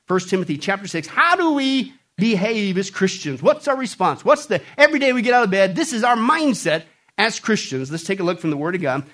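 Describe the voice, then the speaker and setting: A man preaching a sermon, animated and playful, acting out jokes and mocking voices and calling on the congregation to answer back. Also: sits high, a little fast. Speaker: pastor.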